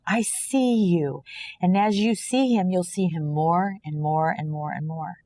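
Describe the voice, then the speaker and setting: A woman's voice: fairly low pitch, moderate pace, mellow. A woman from Kansas, a podcast guest, earnestly sharing a personal faith testimony and often acting out imagined dialogue. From Kansas, USA.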